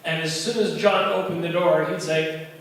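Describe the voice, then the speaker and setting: High-voiced man telling a story at a bar. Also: normal speed, vocal fry, slight background noise. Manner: animated, acts out voices of kids and friends. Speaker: open mic storyteller. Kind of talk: spoken storytelling. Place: bar open mic. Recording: echoey bar from far off.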